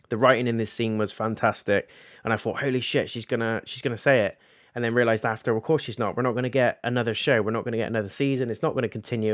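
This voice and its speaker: A man chats through a TV episode recap, voicing characters' lines as he goes. His voice sits at an ordinary middle pitch, and the sound is dry and close. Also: no echo. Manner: animated, recaps scenes and acts out characters' lines. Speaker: TV reviewer. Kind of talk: casual episode review.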